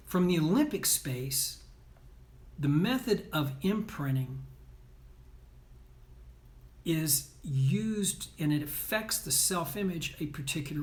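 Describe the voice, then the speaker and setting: A man coaching athletes and parents, speaking emphatically and bluntly, often checking in with "right?" and "okay?". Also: fairly high pitch. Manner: blunt, scolding tone. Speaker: sports performance coach. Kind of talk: motivational talk.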